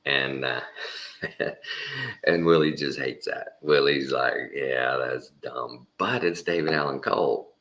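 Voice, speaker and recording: A man's voice: rumbling low, lively intonation, takes it slowly, long pauses, fairly bright tone, highs cut off. A man telling a rambling, folksy anecdote in a casual way, sprinkled with mild swearing. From Texas. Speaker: storyteller.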